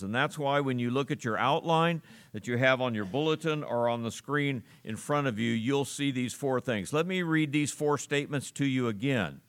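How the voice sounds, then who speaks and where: A man preaching a sermon to his congregation, earnest and steady, with frequent pauses and fillers as he explains scripture. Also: medium pitch. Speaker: pastor.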